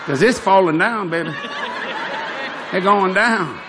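A man preaching a sermon, telling a funny story with frequent chuckles and shouted punchlines. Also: high-pitched, unhurried, very noisy. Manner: animated, chuckling, shouts for emphasis.

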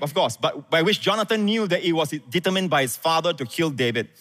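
A male pastor preaching, his voice sitting a bit high for a man. He tells the story in a dramatic way and jumps sharply upward when he quotes the characters. The sound rings through a hall with a long reverb. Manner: animated, rises high and loud when quoting scripture. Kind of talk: sermon.

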